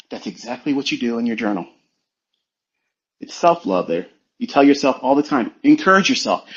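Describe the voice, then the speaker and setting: A trading mentor, a man, delivers a forceful, preachy motivational rant laced with profanity and rhetorical questions. His voice sits a little high for a man. The recording sounds dull and lo-fi.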